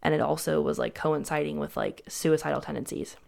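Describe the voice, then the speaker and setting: A young adult woman tells her story candidly as a guest. Her voice sits low and has a gravelly fry. She talks in a loose, casual way, full of "like" and restarted sentences. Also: fairly even intonation, fairly quick, darkish tone. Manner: casual, heavy use of "like", frequent restarts.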